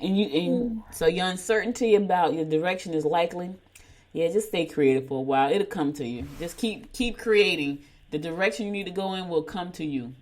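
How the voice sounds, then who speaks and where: A woman's voice: on the low side, fairly quick, a little mellow. A middle-aged woman, hosting a morning show, reading horoscopes and telling folksy stories while laughing at herself. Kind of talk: casual chat and horoscope reading.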